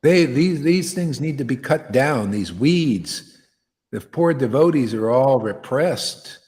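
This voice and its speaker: A fiery male spiritual teacher preaching with blunt, slangy conviction, swinging between loud outbursts and low asides. His mid-pitched voice rings out with a long hall reverb. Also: expressive, slow pace. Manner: blunt, fiery, slangy, often says "man". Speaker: spiritual teacher leading satsang. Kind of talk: impassioned devotional sermon.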